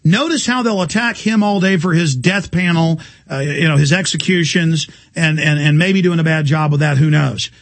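A man hosting a political talk radio show, ranting fast and emphatically. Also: a little high. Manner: fast, fervent, emphatic rants.

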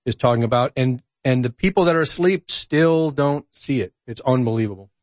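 A man talking through a casual podcast chat, animated as he tells stories, with frequent ums and uhs. His middle-pitched voice is recorded dry and close, with no room sound. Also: fairly quick, no room sound. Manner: animated storyteller, hesitant fillers.

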